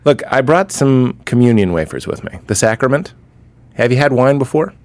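A man playing a pushy, churchy stand-in dad in an improvised comedy scene, asking deadpan, insistent questions. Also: mid-range voice, normal speed, no room sound, natural voice.

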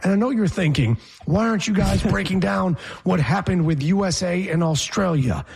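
Male sports radio co-host, husky, slightly high, wry and teasing. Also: normal speed, darkish tone. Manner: wry, teasing, rambling analogies. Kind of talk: joking sports radio banter.

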